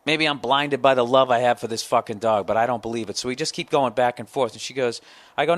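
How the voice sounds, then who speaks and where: A man in his forties riffing through a profane comic rant as a podcast host, voice sitting at an everyday middle pitch. The sound is dry and close, with no room around it. He rambles, swears and keeps circling back for emphasis. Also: fast talker, dry recording. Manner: profane, ranting, animated storytelling. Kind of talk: casual storytelling monologue.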